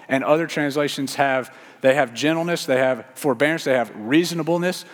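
A man delivering a sermon as pastor, earnest and repeating key phrases for emphasis. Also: mid-range voice. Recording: long reverb of a church hall.

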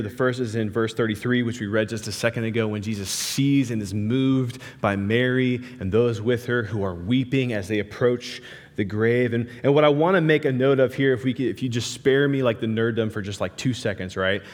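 A young man preaching a sermon, talking casually and animatedly, with lots of "like" and "right" as he tells stories. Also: fairly low pitch. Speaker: pastor. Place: large hall with a live audience. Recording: hall reverb.

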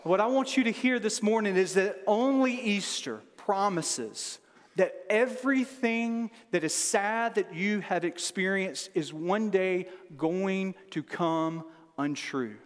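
A man's voice: high-pitched, slow pace. A man in his forties, a pastor giving an earnest sermon that builds to fervent emphasis through repeated rhetorical questions. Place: large church room with long reverb. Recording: long echoey hall reverb.

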